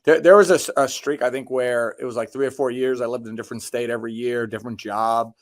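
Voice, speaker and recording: A man's voice: medium pitch, steady tone, fast, no room sound. A man in his thirties, a basketball coach, answering interview questions casually with many ums and restarts and dry self-deprecating jokes.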